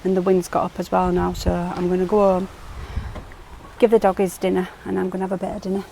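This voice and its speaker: A homely woman chats away to the phone in her hand as she walks about outdoors. Her voice sits a little low, and she talks fondly to her hens and pets. The recording is a noisy outdoor phone clip with plenty of background sound. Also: completely flat delivery, fast, gravelly, mellow. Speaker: allotment vlogger. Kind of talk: casual vlog chat. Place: outdoors at an allotment and around home. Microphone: phone held in hand.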